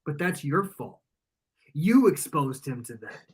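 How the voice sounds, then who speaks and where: A man with a high voice cuts a cocky wrestling promo at his rival. He taunts and gloats, then sinks into a low, menacing tone. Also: very animated, a little slow.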